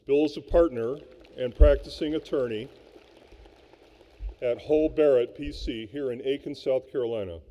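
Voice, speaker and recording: A man's voice: mid-range voice, mellow. Man giving a formal welcome in a hall. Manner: measured, ceremonial introductions. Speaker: symposium co-chair. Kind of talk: formal scripted welcome speech. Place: large hall at a luncheon. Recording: echoey hall, dull lo-fi sound.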